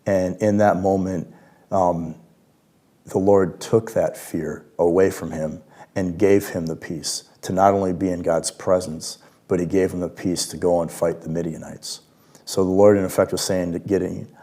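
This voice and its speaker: Man, low and warm, worship leader giving a gentle devotional talk. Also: steady tone, moderate pace. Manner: gentle, reflective, with hushed quiet passages.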